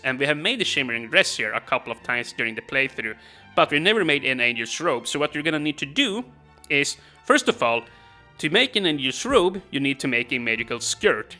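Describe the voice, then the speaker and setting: A man's voice: medium pitch, sharp tone. A man casually commenting on his gameplay as a let's play host, rambling with many fillers and chuckles.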